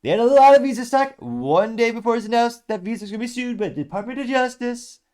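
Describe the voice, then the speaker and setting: A man doing a deliberately bad impression of a boastful male ex-president, pitched much higher and louder than his own voice. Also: lively intonation, clean tone. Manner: brash, self-praising, high and loud. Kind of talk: comedic impression in commentary.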